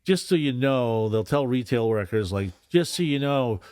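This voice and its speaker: A podcast guest rambles through a casual conversation about union work, full of profanity and restarted sentences. He speaks at a moderate pace in an animated, medium-pitched voice that's a bit mellow and clean, on a dry, clean studio recording.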